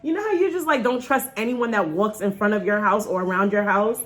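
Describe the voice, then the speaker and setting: A woman in her thirties, from New York, talking casually to camera in a vlog, nervous and joking before a dental procedure. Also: a little fast. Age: 30s. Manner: chatty and joking, lively swings in pitch. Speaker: vlogger.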